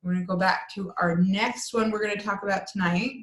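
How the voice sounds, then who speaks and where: A woman's voice: mid-range voice, fairly even intonation, brisk. Earnest woman coach, roomy sound. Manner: earnest, conversational, frequent "right?" check-ins. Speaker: coach teaching a transformation course. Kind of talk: online class talk. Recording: roomy echo.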